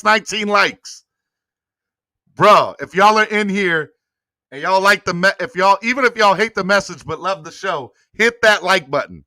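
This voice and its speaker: Animated, bright-voiced male sports podcast host. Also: on the high side, no room sound, clean studio sound. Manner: animated, slangy, begs viewers for likes. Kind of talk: casual sports talk livestream.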